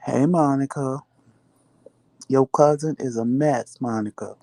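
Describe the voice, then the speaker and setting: A man's voice: medium pitch, a little slow, a little mellow, dry recording. A man hosting a vlog, chatting casually to viewers and dramatically acting out what people said. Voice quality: dramatic, chatty, acts out quotes. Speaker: vlog host.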